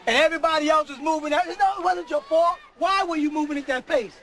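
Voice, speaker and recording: A middle-aged man preaching a sermon to a live audience, often shouting and laughing. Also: very high-pitched, steady tone, quick pace, a faint crowd, low-quality recording.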